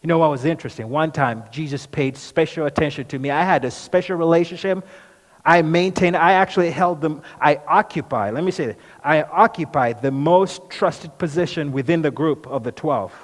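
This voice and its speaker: A man's voice: fairly high pitch, moderate pace, natural voice. Simon Peter, played by a man, earnest. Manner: earnest, questions the audience directly. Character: apostle Peter, outspoken impulsive fisherman man. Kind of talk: dramatic first-person monologue. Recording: echoey hall reverb.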